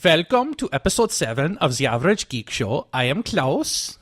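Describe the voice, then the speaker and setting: A man's voice: fairly high pitch, big pitch swings, normal speed, fairly bright tone, no room sound, voice pushed up. A man putting on a comic German accent as a pretend guest named Klaus. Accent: put-on German accent.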